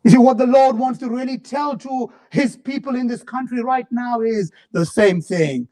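A man preaching a sermon, swinging between fervent shouts and low, drawn-out murmurs.

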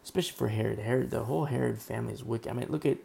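Hoarse, gravelly male preacher. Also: mid-range voice, racing, mellow. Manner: conversational, rambling, full of fillers and asides. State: hoarse, throat worn out. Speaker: pastor. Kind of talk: casual expository sermon.

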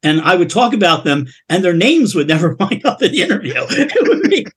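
This middle-aged man from Philadelphia talks in a notably high, husky voice. He chats loosely as a podcast guest, stumbling over restarts and undercutting himself with jokes. The talk is relaxed and off the cuff. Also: brisk. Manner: rambling, stammering restarts, jokey and self-deprecating. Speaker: punk band frontman, podcast guest. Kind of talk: casual phone interview chat.

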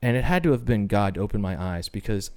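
A man's voice: fairly low pitch, lively intonation, quick pace, darkish tone. A man sharing his personal faith testimony on a podcast, telling it as an earnest story. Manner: earnest storyteller, acts out quoted voices. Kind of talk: personal testimony, casual chat.

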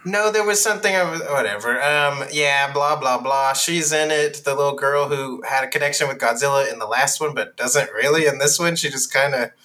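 A man's voice: medium pitch, a little fast, hardly any pauses, pushed and bright. A man co-hosting a casual podcast, recapping a movie plot in a rambling way and laughing often. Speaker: podcast co-host.

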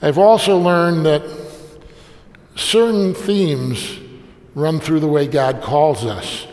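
Older guy preaching, telling a folksy family story, kinda high voice, long echo like a big hall. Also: takes it slowly, a little mellow. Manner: folksy, anecdotal, slips into family members' voices. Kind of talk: storytelling sermon.

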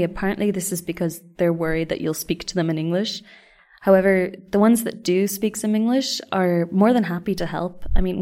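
A woman's voice: fairly low pitch, a little mellow. Woman telling travel stories. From Ireland. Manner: chatty and self-deprecating. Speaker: vlogger. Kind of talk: scripted travel storytelling.

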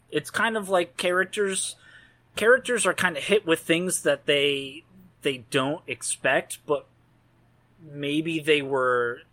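A man with a bright, fairly high voice talks slowly through a film scene, rambling and joking along the way. He sounds like a podcast co-host in an easy, casual chat. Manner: rambling, jokey, laughs at own lines.

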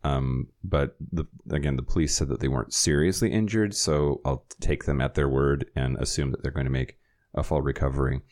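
A man with a deep, low-pitched voice runs through the week's news on a podcast. He keeps it conversational, pausing for wry side comments and quick laughs. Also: steady tone, darkish tone. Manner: reads news items with wry asides and laughs. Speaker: podcast host. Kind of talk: casual news rundown.

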